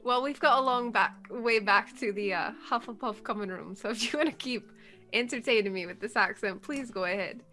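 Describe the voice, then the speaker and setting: A woman voicing a calm young male student with a dry, teasing manner in a tabletop role-play. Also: fairly high pitch, brisk, soft background music.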